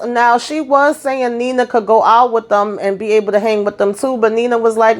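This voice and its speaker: A woman's voice: a little high, moderate pace, few pauses. A middle-aged woman casually recapping a TV episode for her viewers, acting out the characters' lines and talking straight to them. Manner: talks straight to viewers, "y'all", "boo", "child". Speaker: TV recap vlogger.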